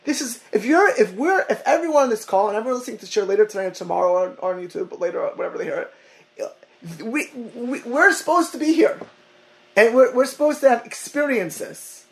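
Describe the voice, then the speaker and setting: A man teaching a Torah class over a call, talking in halting bursts, often repeating words and mixing in Hebrew and Yiddish terms. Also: very high-pitched, animated, gravelly, rough recording.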